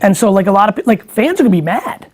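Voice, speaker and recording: A man's voice: sits high, very animated, fast. A middle-aged man talking casually as an interview guest, emphatic and profane, often rambling through his points.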